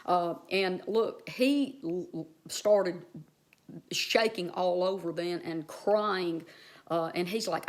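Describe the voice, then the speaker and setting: A woman's voice: on the low side, slow. A woman vlogger telling a personal story in a casual, heartfelt, rambling way, speaking straight to her viewers.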